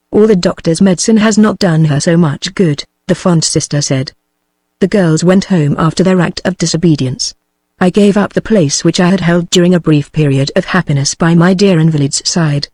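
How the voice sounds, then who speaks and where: Synthetic male narrator, high register, dry close sound, even machine reading of an old novel. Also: no room sound. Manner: even machine reading, reads punctuation aloud. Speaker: audiobook narrator. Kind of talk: synthetic text-to-speech book reading.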